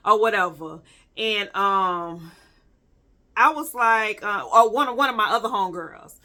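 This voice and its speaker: A young adult woman vlogger telling a personal story in a casual, animated and profane way, talking straight to her viewers. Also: medium pitch, unhurried.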